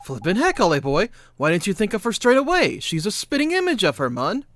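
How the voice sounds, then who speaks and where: A man's voice: high-pitched, huge pitch swings, a little fast, fairly bright tone, no room sound, soft background music, exaggerated voice. A man voicing a cheeky, slangy little male fairy sidekick in a video game. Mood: teasing. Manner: brash, slangy, teasing.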